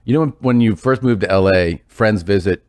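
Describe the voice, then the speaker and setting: A man's voice: lowish voice, a little fast, no echo. A man casually telling a funny story, acting out the voices of the people in it and laughing as he goes. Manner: animated, acts out quotes, laughs through story. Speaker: storyteller guest.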